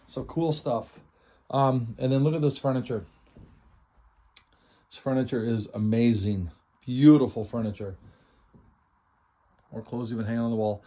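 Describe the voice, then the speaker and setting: A man's voice: mid-range voice, a little mellow. A middle-aged man hosting a casual, enthusiastic walkthrough of a house before an estate sale, chatty and self-deprecating. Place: inside a house, walking through rooms.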